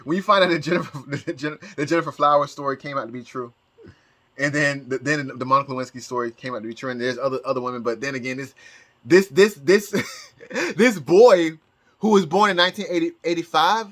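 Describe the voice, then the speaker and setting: A man's voice: fairly high pitch, fairly quick, fairly bright tone. A man talking in a casual vlog as a psychic, rambling with many restarts and bursts of laughter. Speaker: psychic YouTuber.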